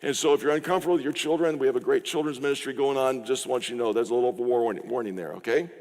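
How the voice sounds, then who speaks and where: A man's voice: mid-range voice, very fast, a little mellow. Middle-aged male pastor in a reverberant hall. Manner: conversational, acts out little quoted exchanges. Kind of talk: sermon. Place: church sanctuary. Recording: long reverb of a church hall.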